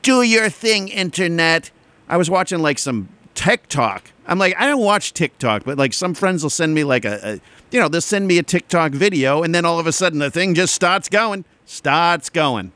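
A man's voice: a little high, expressive, normal speed, a bit bright, no room sound. A man delivering a rambling, sarcastic comedic monologue as host, drifting between tangents and mocking voices. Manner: sarcastic, rambling, mocks others in put-on voices.

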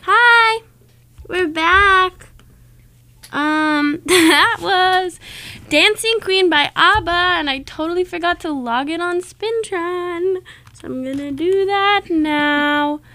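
A young woman hosts a college radio show in a casual, bubbly way. Her voice is high and bright, and she talks slowly. The studio sound is dry and close. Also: dry recording. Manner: bubbly and encouraging.

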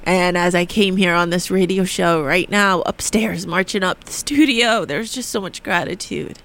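A speaker in a radio studio giving a heartfelt, reflective monologue, halting with frequent restarts and sometimes dropping into a near whisper. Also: mid-range voice, fairly bright tone. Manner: earnest and heartfelt, drifting at times into a near whisper. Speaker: radio show speaker on grief and spirit communication.

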